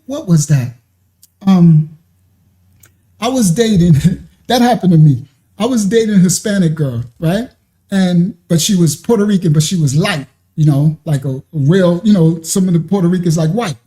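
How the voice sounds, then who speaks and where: Man, casual storytelling, animated, frequent laughter, high voice, warm tone. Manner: animated, laughs often, acts out quoted voices. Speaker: show host telling a personal story.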